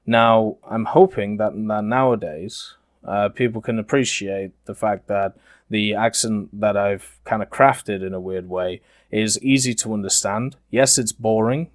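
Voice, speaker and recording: English guy, toned-down yorkshire accent, slow careful gaming commentary, lowish voice, dry close mic. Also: no room sound. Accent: neutralized English, softened Yorkshire. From Yorkshire, England. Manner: slow, deliberate, many "uh" fillers. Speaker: gaming YouTuber. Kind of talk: commentary over game footage.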